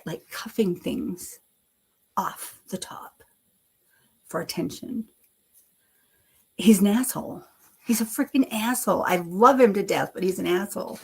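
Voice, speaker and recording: A woman's voice: medium pitch, vocal fry, husky. A middle-aged woman hosting a casual live stream, rambling, self-deprecating, laughing often and swearing freely.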